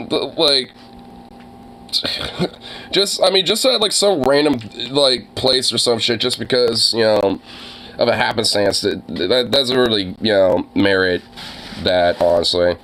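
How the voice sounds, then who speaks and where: A man's voice: mid-range voice, a bit bright, a little hiss or hum. A young man ranting casually, with lots of fillers and swearing, sounding exasperated. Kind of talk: casual profane rant.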